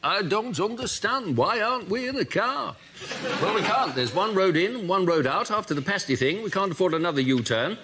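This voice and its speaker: A man's voice: sits high, big pitch swings, brisk. A man doing a plummy, flustered prime minister. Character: posh British prime minister, awkward and smug. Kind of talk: improvised comedy sketch. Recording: noisy studio with audience laughter.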